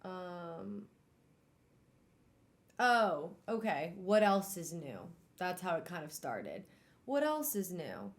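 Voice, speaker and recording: A young adult woman streamer reading a novel aloud and chatting about it in a casual, animated way, swearing casually and laughing often. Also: lowish voice, slow, pauses often. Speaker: streamer hosting a book club.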